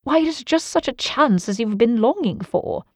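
An earnest Victorian gentleman voiced by a woman who exclaims with wide-eyed wonder, his voice lifted well above the reader's own. The storybook delivery is dry and close, with little room sound. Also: fairly high pitch, expressive, normal speed, no room sound, voice pushed up. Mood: astonished. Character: Dr. Watson, eager astonished Victorian man.

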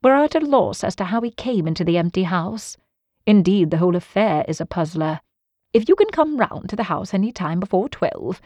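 Her voice fairly low, a woman narrates a scripted audiobook of a classic novel, keeping her storytelling measured and even. There's no echo on the recording.

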